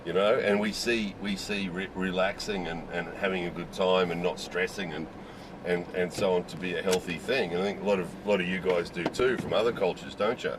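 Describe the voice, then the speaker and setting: A man's voice: low-pitched, steady tone, brisk, noisy background. A middle-aged man with an Australian accent, talking casually and candidly to camera, rambling with lots of "you know"s. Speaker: video host. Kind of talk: casual opinion talk.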